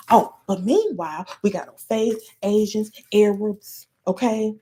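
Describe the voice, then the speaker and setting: A woman's voice: mid-range voice, normal speed, few pauses, mellow. An American woman hosting a podcast, delivering a heated, profane solo rant with blunt emphasis. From United States. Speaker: podcast host.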